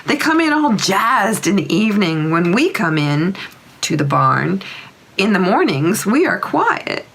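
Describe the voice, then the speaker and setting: A woman's voice: medium pitch, big pitch swings, unhurried, gravelly, fairly bright tone, a little hiss or hum, heavily acted. A woman voicing a chatty young mare. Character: spirited young mare, playful and eager.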